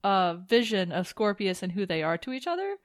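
A woman's voice: medium pitch, very animated, a little fast, no room sound. Woman podcaster, chatty and jokey, dry close sound. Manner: chatty, joking, full of fillers. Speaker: podcast co-host. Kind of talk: casual recap chat.

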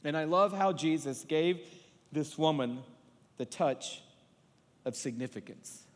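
A man's voice: a little high, slow. Man preaching with humor in a hall. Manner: conversational and humorous, acting out little scenes. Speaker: pastor. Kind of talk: sermon. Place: large church auditorium. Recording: long reverb of a large hall.

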